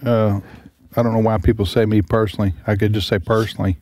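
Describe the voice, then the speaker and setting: A man's voice: on the low side, little pitch movement, fast, a little mellow. A man co-hosting a casual talk show, joking and rambling through his asides.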